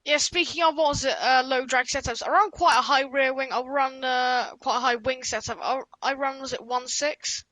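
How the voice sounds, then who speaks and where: Nervous high-voiced British woman. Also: steady tone, normal speed, hardly any pauses, bright, forceful tone, no room sound, rough recording. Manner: nervous, hesitant, filler-heavy. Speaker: guest driver co-commentator. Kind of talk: casual race chat.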